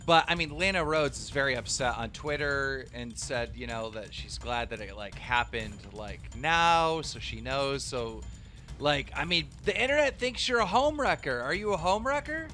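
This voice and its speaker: A man's voice: mid-range voice, normal speed, pushed and bright, soft background music. A man hosting a gossip news show, reading out quotes with stretched emphasis and stammering through interview questions.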